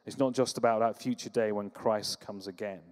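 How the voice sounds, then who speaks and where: A man preaching a sermon, telling stories with humor and lively energy. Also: lowish voice, fairly quick, in a large hall. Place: church.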